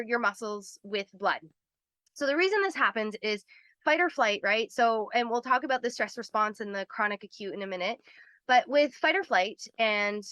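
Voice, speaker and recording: Bright, chatty woman teaching a webinar. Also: on the high side, no room sound. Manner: chatty, laughs often, acts out voices in asides. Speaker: health coach hosting a webinar. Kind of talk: live webinar lesson.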